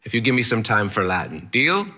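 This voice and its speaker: A man's voice: on the low side, lively intonation, quick pace, bright, forceful tone. A man voicing an eccentric old male Latin teacher with a strange accent who talks bluntly and theatrically. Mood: amused, blunt.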